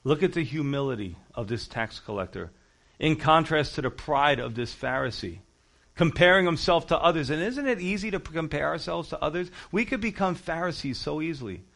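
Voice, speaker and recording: Animated man preaching a sermon. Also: fairly high pitch, a little fast, gravelly. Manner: animated teaching, acts out quotes, emphatic rhetorical questions. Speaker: pastor. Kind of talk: expository sermon.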